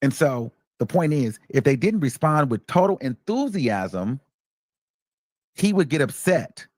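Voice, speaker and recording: A man's voice: mid-range voice, big pitch swings, measured pace, no echo. A man hosting reaction commentary, emphatic and repeating his points for stress. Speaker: commentary host.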